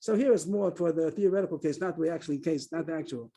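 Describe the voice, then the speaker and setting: Man, Talmud teacher, rapid delivery, dark husky voice, video call. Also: on the high side. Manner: explains quickly, repeats phrases, reads Aramaic text aloud. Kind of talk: Daf Yomi class on a video call.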